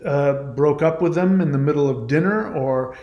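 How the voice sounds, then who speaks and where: Host, male, fairly high voice, argues his case emphatically and circles back to his points, recorded in a reverberant room. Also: moderate pace, dull audio. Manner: emphatic, argumentative, repeats points. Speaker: channel host. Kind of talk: monologue responding to a viewer comment. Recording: echoey room.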